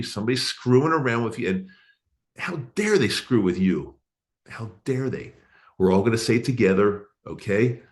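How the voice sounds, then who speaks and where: A man hosting his podcast alone, talking in an earnest, encouraging way and repeating his phrases, into a studio microphone. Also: on the low side. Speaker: podcast host. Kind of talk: casual podcast monologue.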